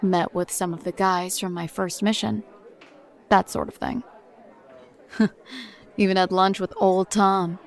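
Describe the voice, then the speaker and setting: A woman's voice: medium pitch, flat delivery, measured pace, long pauses, a faint crowd, close to an everyday voice. An actress voicing a hardened middle-aged mother and paranormal agent, who tells her report in a blunt, grim, dry-humored way. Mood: weary. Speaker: narrator of a recorded report. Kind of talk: audio drama monologue.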